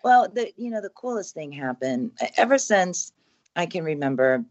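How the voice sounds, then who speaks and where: Low-voiced woman, earnest and rambling. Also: sing-song, moderate pace, darkish tone, highs cut off. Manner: rambling, earnest, with many fillers and restarts. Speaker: haunted house owner and author, guest. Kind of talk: casual podcast chat.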